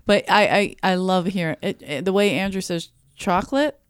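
A woman hosting a casual podcast chat, chatty with quick reactions. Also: fairly low pitch, clean tone, no room sound, studio quality.

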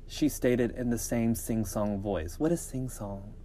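A man reads a scary story aloud for a podcast in a mellow, warm voice. He keeps it casual, stumbling on a word here and there and breaking off for joking asides. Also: medium pitch, steady tone, normal speed, hardly any pauses. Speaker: podcast host reading scary stories.

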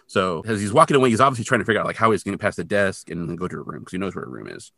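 A man chatting casually as a podcast co-host, his voice bright and forceful, with a pitch that swings up and down as he retells scenes in an animated way. The sound is dry and close. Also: racing, hardly any pauses, no echo. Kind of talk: casual recap chat.

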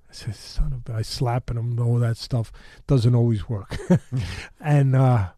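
A man's voice: mid-range voice, slow pace, dark tone, no room sound, clean studio sound. Rambling man telling a street story. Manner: rambling, many fillers and restarts; blunt street-tough talk. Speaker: storytelling guest. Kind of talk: casual spoken storytelling.

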